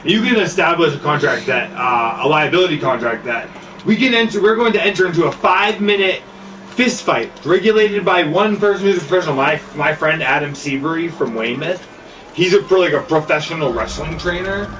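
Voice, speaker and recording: A man's voice: a little high, animated, fairly quick. A man telling long, profane stories in casual chat on a podcast. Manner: rambling, profane storytelling. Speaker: podcast co-host. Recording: distant mic with background noise.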